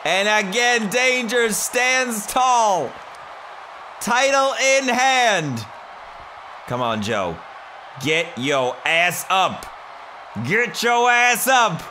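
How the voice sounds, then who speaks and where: A man plays a fired-up wrestling play-by-play announcer who yells every move at the top of his lungs, his voice pushed high and bright. He swoops up and down with big animated energy. A faint hiss sits under the recording. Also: extremely slow, heavily acted. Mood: hyped. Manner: shouting excited ringside calls.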